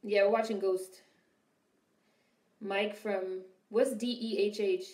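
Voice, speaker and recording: A woman's voice: mid-range voice, steady tone, slow, warm tone, echoey room. A young woman casually commenting on a film during a live stream, swearing freely and answering her chat. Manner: chatty, swearing, reads and answers viewer chat.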